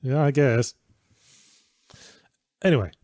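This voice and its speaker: A man's voice: mid-range voice, takes it slowly, darkish tone, no echo. A man co-hosting a casual stream, reading out donations in a dry, sarcastic way.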